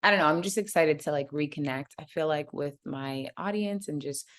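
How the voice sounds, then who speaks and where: Brief: woman group member, excited and rambling, low voice. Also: fairly quick. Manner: eager, excited, rambling with many "like"s. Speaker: participant in a coaching group. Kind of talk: casual chat.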